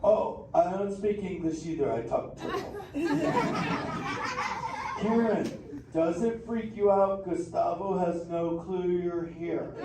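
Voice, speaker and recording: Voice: mid-range voice, distant mic. A performer voicing a laid-back male surfer sea turtle in a live theme park show, heavy with surfer slang and chuckles. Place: indoor theater show. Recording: echoey theater heard from afar, noisy.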